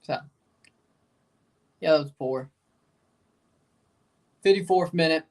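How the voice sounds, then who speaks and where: A man hosting a live sports watchalong, talking in a loose, rambling way and repeating his points. His voice sits slightly high. He is a little off the mic, so it sounds somewhat distant. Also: slow. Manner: rambling, repeats himself, chuckles. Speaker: livestream watchalong host. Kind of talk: casual live reaction chat.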